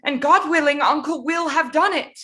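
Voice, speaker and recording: A woman's voice: high-pitched, normal speed, pushed and bright. A woman playing an earnest, worried young woman of the household. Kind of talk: stage play acting.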